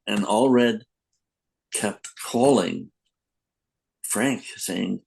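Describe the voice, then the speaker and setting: A man's voice: on the low side, takes it slowly, creaky, poor audio. An older man, a comic book editor, telling rambling anecdotes in a casual podcast interview, acting out quotes.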